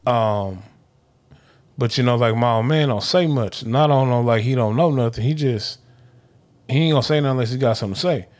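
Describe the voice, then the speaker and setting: A man's voice: mid-range voice, brisk. A man co-hosting a podcast, telling rambling stories in slangy casual talk. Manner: rambling, animated storytelling with slang and repeats. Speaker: podcast co-host.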